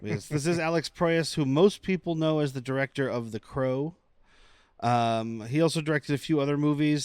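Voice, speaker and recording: Brief: male podcast host, smooth resonant voice, dry close mic, chatty and rambling. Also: medium pitch, darkish tone, no echo. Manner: chatty, laughs often, rambling asides. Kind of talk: casual film podcast chat.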